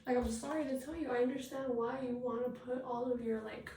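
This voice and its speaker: A woman's voice: a little high, steady tone, fairly quick, mellow. A woman ranting bluntly and with a lot of swearing while doing her makeup for a get-ready-with-me video, often trailing off into fillers. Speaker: vlogger. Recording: echoey room, distant mic, faint noise.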